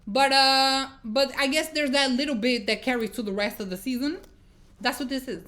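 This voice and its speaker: A woman's voice: high voice, moderate pace. A woman giving a casual movie review, exasperated and swearing as she retells scenes. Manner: exasperated, swearing, animated storytelling.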